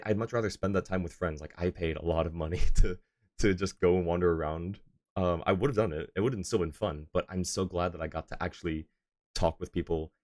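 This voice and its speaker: A man's voice: deep voice, darkish tone. A young man streaming live, chatting casually and rambling as he answers his viewers' messages.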